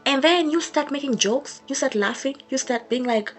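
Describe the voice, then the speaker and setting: A woman's voice: high voice, sing-song, normal speed, few pauses, husky, faint music behind. A young woman vlogger giving a sassy, emphatic storytime rant to camera, repeating her points for effect.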